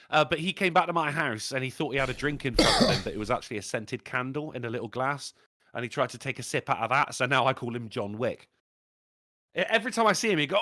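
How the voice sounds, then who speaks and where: A man's voice: medium pitch, quick pace, no room sound, studio quality. A man co-hosting a casual podcast, telling pub stories with lots of swearing and laughter. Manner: animated storyteller, swears a lot, laughs often. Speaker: podcast co-host. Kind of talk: casual chat.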